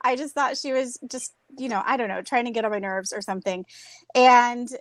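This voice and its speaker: A woman in her thirties with a fairly high voice tells her own story in a candid, animated way. She speaks over a video call, and the sound is dry and close with no room around it. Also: fairly quick, no room sound. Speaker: guest speaker. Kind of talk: personal story in a group talk.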